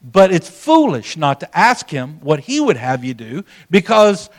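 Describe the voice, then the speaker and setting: A middle-aged man preaches from the pulpit in a high-pitched voice. He tells a personal story in a folksy way, speaking straight to his congregation. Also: big pitch swings, a little slow. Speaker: pastor. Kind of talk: sermon.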